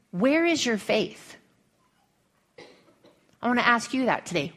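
A woman's voice: fairly high pitch, very animated, unhurried, long pauses, a bit bright. A woman preacher with a Western American accent, giving a folksy, humorous sermon full of storytelling.

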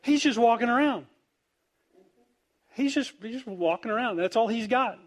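A man's voice: very high-pitched, moderate pace. A man preaching a humorous sermon, acting out the voices in the story as he goes, his volume rising and falling widely. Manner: animated storytelling, acts out quoted voices, wide swings in loudness.

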